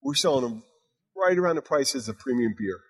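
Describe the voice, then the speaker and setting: A man's voice: medium pitch, lively intonation, fairly quick, husky. A man hosting a bartending podcast in casual chat, talking bluntly and emphatically with plenty of swearing. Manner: emphatic, blunt, profane, repeats "you know what".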